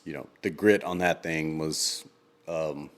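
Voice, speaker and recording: A man co-hosting a podcast in casual chat, rambling with lots of ums and quick laughs. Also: rumbling low, steady tone. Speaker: podcast co-host.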